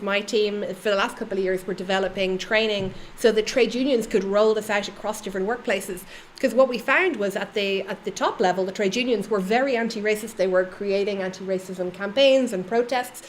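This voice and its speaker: Female guest, middle-aged, mid-range voice; calm explanatory delivery. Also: mid-range voice, fairly quick, a little hiss or hum. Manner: steady, explanatory. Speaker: anti-racism trainer, guest. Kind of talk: measured discussion.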